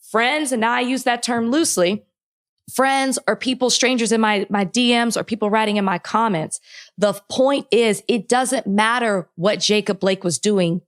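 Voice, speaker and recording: A woman co-hosting a podcast, speaking with impassioned frustration and close to crying, with many restarts. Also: mid-range voice. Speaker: podcast co-host. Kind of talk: heated podcast conversation.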